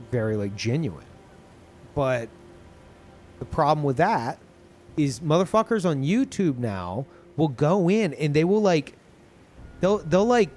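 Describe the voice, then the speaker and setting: A man talking casually to his live-stream chat, who calls his own voice monotone. He rambles with many fillers and restarts and swears often. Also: a little high. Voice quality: self-described monotone.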